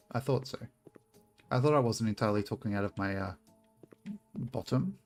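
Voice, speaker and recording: Over soft background music, a man with a lowish, vocal-fried voice streams a game at a moderate pace, leaving long pauses. He's chatty and casual with viewers, swearing often and rambling off into asides.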